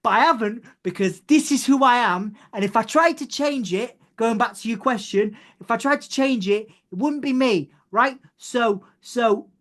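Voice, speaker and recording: A man who works as a music journalist, a guest in a casual interview chat, talking in a rambling, meandering and excitable way. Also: extremely high pitch, normal speed, hardly any pauses.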